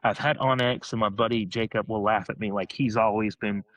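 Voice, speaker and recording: A man on a podcast, telling a story in a casual, excited way, rambling, restarting his sentences. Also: fairly low pitch, moderate pace, rough recording.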